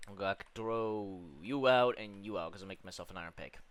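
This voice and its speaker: A man's voice: lowish voice, fairly quick. A man giving casual, crude, rambling gameplay commentary with self-mocking jokes. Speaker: gaming channel host.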